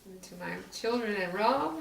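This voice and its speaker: A woman speaking earnestly and from the heart in a personal interview, with halting restarts. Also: mid-range voice, animated, gravelly. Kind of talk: personal oral-history interview. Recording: echoey room, distant mic, faint noise.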